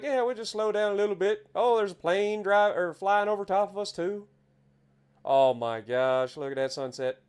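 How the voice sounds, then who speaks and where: A man with an Appalachian accent giving chatty, excitable commentary while playing a driving game. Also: a little high. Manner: chatty, easily excited, exclaims at scenery. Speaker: game streamer. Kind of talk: casual gameplay commentary.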